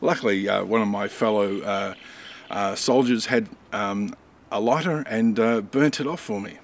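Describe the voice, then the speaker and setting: A man's voice: fairly low pitch, moderate pace. A man, a reenactor, recalling an injury on set in a hesitant interview. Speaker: reenactor playing a soldier. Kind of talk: casual interview.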